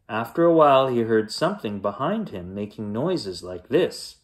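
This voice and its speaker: A man reading a children's bedtime story aloud, playful and animated, acting out sound effects. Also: medium pitch, unhurried.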